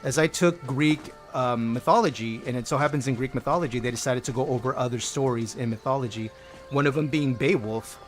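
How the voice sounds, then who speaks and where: A man's voice: mid-range voice, fairly quick, faint music behind. A man livestreaming a game, chatting playfully with his viewers and greeting them by name. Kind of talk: casual gameplay chat with viewers.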